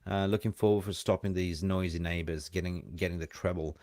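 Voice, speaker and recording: Chatty low-voiced man hosting a call-in. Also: fairly even intonation, darkish tone, no room sound, studio quality. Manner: chatty, rambling, quick to laugh. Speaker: live show host. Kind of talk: casual call-in chat.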